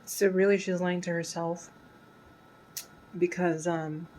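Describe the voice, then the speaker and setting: A woman hosting a casual reaction video, talking through an episode with many fillers and slipping into a soft whisper at sad parts. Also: fairly low pitch, level tone, takes it slowly, a little hiss or hum, poor audio. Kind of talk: casual pause-and-talk commentary.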